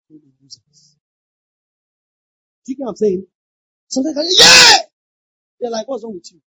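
Very husky pastor preaching. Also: medium pitch, no room sound. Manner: emphatic, repeats lines, bursts into shouted exclamations. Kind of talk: sermon. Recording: dull lo-fi dry recording.

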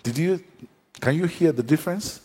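Pastor man shouting his sermon, raspy gravelly voice, bit high, long hall echo. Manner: fiery preaching, swinging from shouts to low, drawn-out phrases. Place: church service with a seated congregation.

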